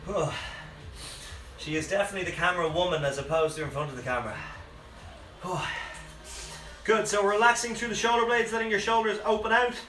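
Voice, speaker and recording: A man, out of breath, leading a live workout with energetic cues and chatty asides. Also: high-pitched. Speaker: fitness coach. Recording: echoey room, mic at a distance, faint music.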